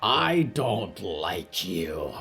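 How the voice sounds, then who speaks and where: A man voicing a huge bloated monster with a deep, rasping, croaking voice that talks slowly. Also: big pitch swings, fairly bright tone, faint music behind, heavily acted. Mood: wary. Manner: slow, deep, muttering.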